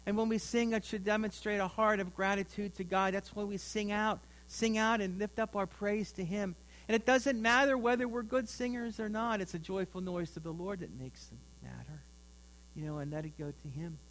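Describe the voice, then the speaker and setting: A male pastor preaching a sermon, swinging between loud emphasis and quiet asides. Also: high voice, fairly even intonation, normal speed. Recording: mains hum.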